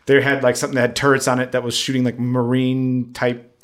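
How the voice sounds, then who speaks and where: A man co-hosting a casual talk show, relaxed and hesitant, laughing easily as he talks. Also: mid-range voice, fairly quick. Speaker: podcast co-host. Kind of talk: casual chat.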